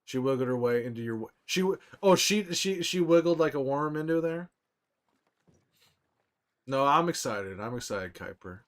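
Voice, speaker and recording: A young man chatting casually on a live stream, reading viewers' messages aloud and answering them in a relaxed, rambling way. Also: medium pitch, moderate pace.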